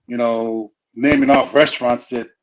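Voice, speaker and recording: A middle-aged man speaking in a relaxed, conversational way. He wanders through his thoughts and restarts sentences often. He fills the gaps with plenty of "you know"s, and his voice sits at an ordinary middle pitch. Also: normal speed, highs cut off. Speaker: guest speaker on family. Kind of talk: casual conversational talk.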